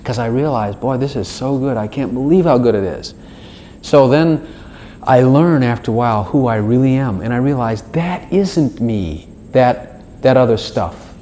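A man with a medium-pitched voice speaks at a normal speed over a faint hiss or hum. He delivers an informal, conversational sermon in an animated way, acting out his own prayers and God's answers in shifting voices.

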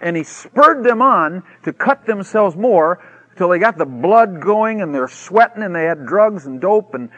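A man preaching a sermon, telling a story with lively acted-out quotes that swing from shouts to hushed asides. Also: high voice, a little slow, lo-fi sound. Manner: animated storytelling, acts out quotes with shouts and mock whispers.

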